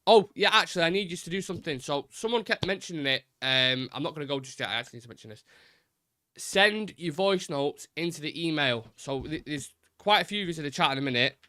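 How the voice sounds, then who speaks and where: Bright-voiced chatty male stream host. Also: a little high, expressive, fast, no room sound, clean studio sound. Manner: rambling, chatty, swears casually. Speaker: host of a live football fan show. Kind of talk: casual live-stream chat.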